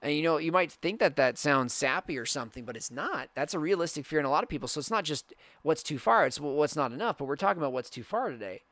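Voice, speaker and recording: A man's voice: fairly high pitch, expressive, fast talker, hardly any pauses, a bit bright, no room sound. A young man hosting a podcast, talking earnestly in a reflective monologue that rambles with restarts. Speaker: podcast host.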